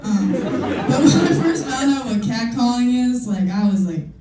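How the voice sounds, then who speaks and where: A woman's voice: on the high side, animated, measured pace, a loud crowd. A young woman performing a stand-up comedy set, telling self-mocking stories in a loose, conversational way. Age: young adult. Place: live comedy show in a room. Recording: echoey room, mic far off, noisy.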